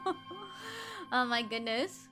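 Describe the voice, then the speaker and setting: A woman's voice: sits high, expressive, measured pace, bright, forceful tone. A young woman in her twenties streaming as a VTuber, chatting casually and giggling often. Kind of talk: casual livestream chat. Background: faint background music.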